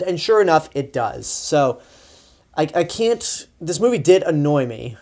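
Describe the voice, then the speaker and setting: A man's voice: fairly high pitch, lively intonation, normal speed, warm tone. A young man giving a casual, sarcastic movie review, sounding exasperated and rambling with frequent restarts. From Texas. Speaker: film reviewer.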